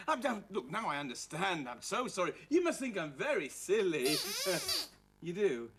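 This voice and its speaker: A woman presenting a children's puppet show, playful and excitable as she talks to puppets. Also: on the low side, normal speed, noisy background.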